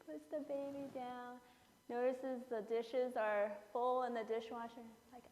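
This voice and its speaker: A woman in her fifties preaches in a fairly high voice at an unhurried pace. She tells a story and acts out its people with playful asides. Her voice rings with the long reverb of a church sanctuary. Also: steady tone, darkish tone. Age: 50s. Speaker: pastor. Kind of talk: sermon.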